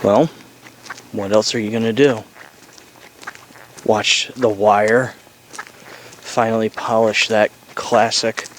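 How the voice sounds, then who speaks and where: A man's voice: lowish voice, level tone, slow, long pauses, a bit bright, slight background noise, low-quality recording. A man in his thirties talking in a sarcastic, profane, ranting way in a casual vlog.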